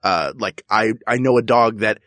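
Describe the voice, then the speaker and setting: A man's voice: lowish voice, normal speed, a bit bright, no echo, studio quality. A man co-hosting a comedy podcast, chatting casually with rambling, jokey asides. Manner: rambling, jokey, puts on silly voices. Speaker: podcast co-host.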